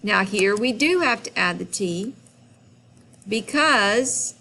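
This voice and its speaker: A woman teaching a French grammar lesson, explaining slowly and patiently in a classroom-style recording. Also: medium pitch, lively intonation, pushed and bright.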